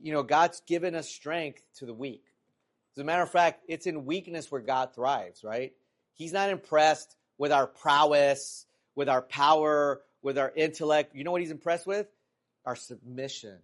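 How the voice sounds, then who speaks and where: At a moderate pace, a middle-aged pastor delivers a sermon that feels conversational, full of fillers and false starts. Reading scripture lifts his voice higher and louder.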